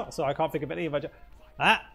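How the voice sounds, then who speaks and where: A man's voice: a little high, steady tone, rapid-fire, vocal fry, bright, forceful tone. A man chatting casually to his viewers while streaming a fighting game. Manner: chatty, exclaiming, talking to chat. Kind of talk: casual livestream commentary.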